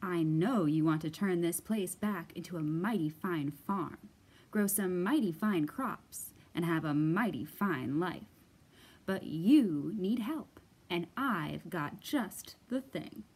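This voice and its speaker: A woman voicing a fast-talking fox huckster. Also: fairly low pitch, lively intonation, a little mellow, pitched below the performer's own voice, heavily acted. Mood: persuasive. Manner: smooth-talking, salesy patter. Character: fast-talking scheming male fox salesman. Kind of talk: children's storybook reading.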